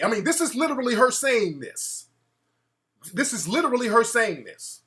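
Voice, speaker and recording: A man hosting a talk show, ranting in an animated, mocking way and putting on voices to quote people. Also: very high voice, moderate pace. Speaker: show host. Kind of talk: casual talk-show rant.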